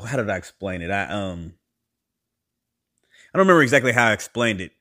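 Guy with a lowish voice telling a story on his podcast, animated, jumps way up in pitch when he acts out other people. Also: fairly quick, pauses often. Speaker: podcast host. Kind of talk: casual storytelling monologue.

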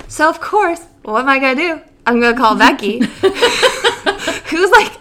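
A woman's voice: moderate pace, pauses often. A young woman from near the Great Lakes, co-hosting a chat show and telling a story animatedly with laughs and acted-out quotes. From Great Lakes region, USA. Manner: animated, laughing, acts out quotes with big jumps in pitch. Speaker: podcast co-host.

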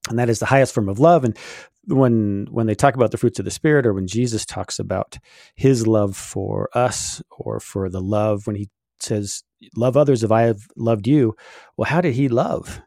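A man's voice: lowish voice, normal speed, creaky, a little mellow, no echo, clean studio sound. A middle-aged man co-hosting a casual faith podcast, explaining at length with many fillers. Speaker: podcast co-host.

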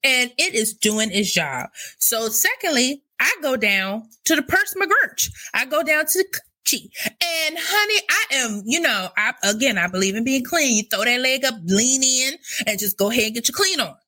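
A woman telling a comic personal story in casual, animated speech, stretching words for emphasis. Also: sits high, poor audio. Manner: animated, drawn-out emphatic delivery.

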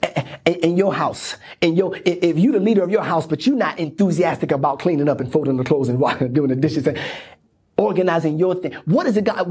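A man pastor delivers a lively sermon in a church sanctuary. His voice is deeply husky and rough-edged. He acts out inner conversations, swinging into hushed whispers and bursts of laughter. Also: brisk. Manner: animated preaching that acts out inner dialogue, with laughs and sudden whispers.

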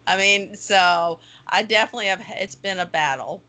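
A woman's voice: mid-range voice, moderate pace, bright, forceful tone. A woman talking candidly and earnestly in a casual podcast chat.

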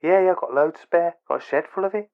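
A man's voice: fairly high pitch, fast talker, voice pushed up. A man voicing an awkward, eager male fan who talks earnestly and hesitantly over a phone line.

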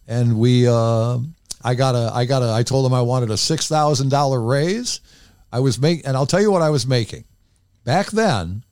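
A man's voice: medium pitch, a little mellow, no echo, studio quality. An older man, a former radio DJ, tells candid stories in a casual interview and rambles into many asides.

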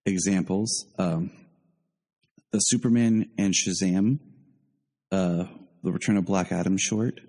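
Low mellow guy hosting a podcast chat, kinda echoey. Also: slow pace, pauses often, breathy edge. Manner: opinionated, thinks aloud with repeats. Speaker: podcast host.

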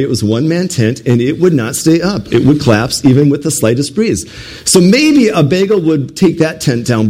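A man's voice: on the high side, darkish tone, low-quality recording. A man preaching a casual sermon, with rhetorical questions to the congregation and jokes. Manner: conversational, with rhetorical questions and humor.

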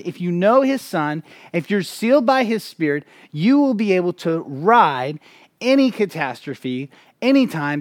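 A pastor preaching a sermon, praying and telling a story with emphatic delivery and frequent restarts. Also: male voice, fairly high pitch, no echo, clean studio sound.

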